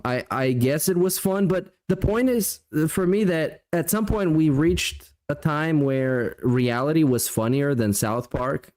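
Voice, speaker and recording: Brief: male co-host, mid pitch, lively intonation, rambling casual chat. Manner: rambling, animated opinions. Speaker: podcast co-host.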